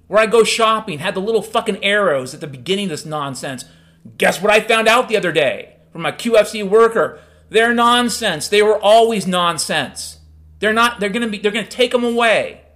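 Man, podcast host, high voice, angry profane rant, loud bursts and low mutters. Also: expressive, normal speed. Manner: profane, heated, swings between shouting and low muttering.

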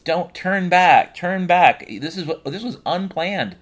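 A shapeless male ghost squeals out his warnings in a high, pleading whine, put on by a man telling the story. The voice jumps up well above a normal speaking pitch and stays strained and frantic. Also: lively intonation, slow, exaggerated voice.

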